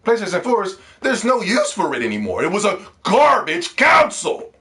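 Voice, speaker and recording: A man's voice: high voice, wildly swooping pitch, normal speed, sharp tone. A man ranting to the camera about games, heated and profane, repeating words when worked up. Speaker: gaming video host. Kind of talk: ranting video commentary.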